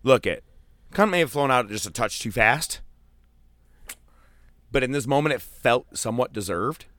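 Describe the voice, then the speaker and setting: A man telling a profane, animated story in casual chat, acting out the voices of the people in it. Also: medium pitch, moderate pace, dry recording, clean studio sound. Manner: profane, animated, acts out quotes.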